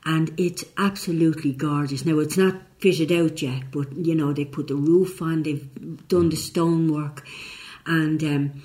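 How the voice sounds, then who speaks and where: An older Irish woman speaks in a low, dark, mellow voice. She tells her memories in a chatty, rambling way, often stopping to restart a sentence. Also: steady tone, unhurried. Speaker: interviewee, former mill worker. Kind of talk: casual reminiscing.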